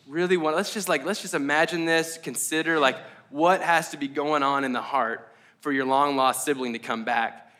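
A man preaching a conversational sermon at a church service, casual and animated, with many likes and ums. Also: medium pitch. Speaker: pastor.

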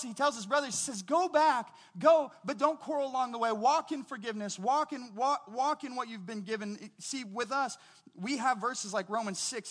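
Male pastor, middle-aged, higher-pitched voice, casual conversational preaching, tells stories. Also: a bit bright. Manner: conversational, storytelling with quoted voices. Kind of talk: sermon.

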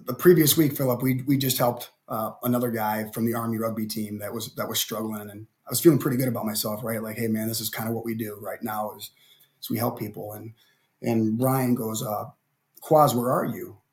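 A man's voice: on the low side, fairly even intonation, brisk, a little mellow. A middle-aged man from Ohio, a podcast guest telling a story animatedly with stammering restarts. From Ohio, USA. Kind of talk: conversational interview.

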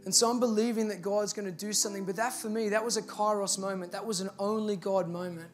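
A man's voice: high voice, fairly even intonation, quick pace, soft background music. A man with an Australian accent, a pastor telling a personal story in a sermon and building to earnest, emphatic appeals. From Victoria, Australia.

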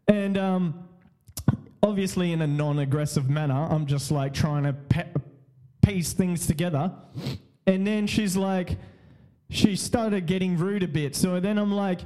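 A man with a high-pitched yet mellow voice tells a story in a loose, rambling way. He repeats himself, swears casually and breaks into laughter often. His pace is unhurried. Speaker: podcast host.

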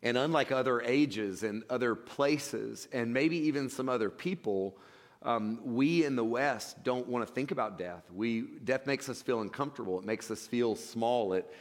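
A man's voice: medium pitch, normal speed. Conversational male pastor in a reverberant hall. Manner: conversational preaching with frequent restarts and fillers. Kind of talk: sermon. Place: church sanctuary.

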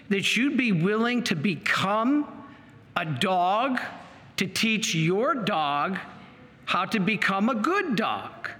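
A man's voice: sits high, bright, forceful tone, long reverb tail, heavily acted. A priest voicing an old bishop questioning a boy. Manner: patient, probing questions. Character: elderly male bishop, gently questioning a boy.

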